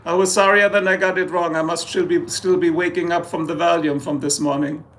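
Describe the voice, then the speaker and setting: A man's voice: a little high, flat delivery, a little fast, a bit bright. A German man with a German accent, hosting a casual live stream, joking and rambling as he answers chat. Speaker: livestream host.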